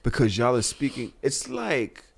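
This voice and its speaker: A man's voice: medium pitch, sing-song, unhurried, creaky. A young man co-hosting a casual podcast, telling stories animatedly, acting out what partners say and laughing often. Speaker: podcast co-host.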